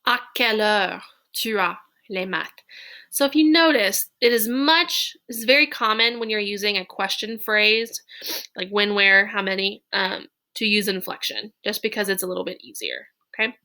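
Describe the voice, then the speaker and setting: A woman teaching a recorded French lesson. She reads French phrases slowly for dictation, then explains them in chatty, playful English. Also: medium pitch, bright, forceful tone.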